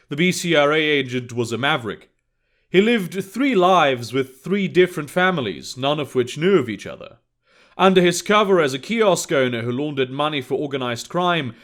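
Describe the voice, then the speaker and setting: A man narrates an alternate-history spy story in a steady, matter-of-fact way. His voice is fairly high for a man, and the reading is scripted and even.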